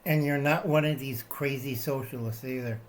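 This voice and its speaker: Mid-range and steady, the voice belongs to an older man hosting his own channel, who moves at a moderate pace. He shows items to the camera during a digressive, satirical rant, repeatedly capping his statements with "okay?"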